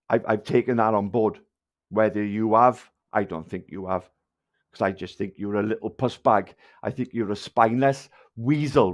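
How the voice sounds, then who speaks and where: A man's voice: lowish voice, darkish tone. A man with a South Wales Valleys accent ranting angrily at viewers on a livestream, swearing and hurling insults. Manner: angry, insulting, heavy swearing.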